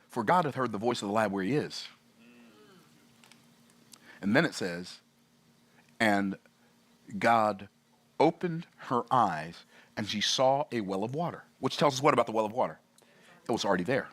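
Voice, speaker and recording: A man's voice: on the low side, normal speed, pauses often. Guy preaching a lesson, bouncy voice all over the place, keeps asking the crowd questions. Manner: animated, playful, acts out voices and laughs at his own jokes; asks the audience frequent rhetorical questions. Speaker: business teacher. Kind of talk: sermon-style teaching.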